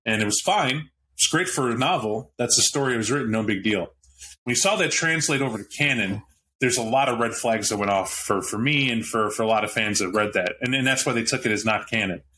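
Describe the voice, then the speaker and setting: A man's voice: mid-range voice, brisk, sharp tone, slight background noise. A man on a podcast panel, talking animatedly about a tabletop game with frequent restarts and asides. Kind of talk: casual roundtable chat about a tabletop game.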